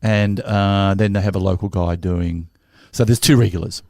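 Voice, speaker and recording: A man's voice: low-pitched, fairly even intonation, normal speed, warm tone, no echo, clean studio sound. A middle-aged man, chatting casually as a comedian, wry and self-mocking in how he tells his stories. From Australia. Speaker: comedian and guest. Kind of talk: casual chat.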